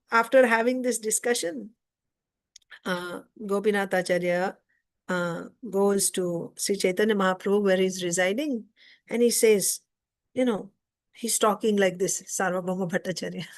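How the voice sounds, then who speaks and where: A woman teaching an informal scripture class, retelling a story conversationally and stopping to explain. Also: mid-range voice.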